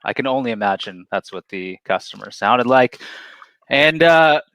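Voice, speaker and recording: A man's voice: mid-range voice, lively intonation, normal speed, fairly bright tone, no echo. Playful guy reading out award winners on a video call, dry sound. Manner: playful, teasing announcer. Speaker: awards co-host. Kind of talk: casual virtual award show.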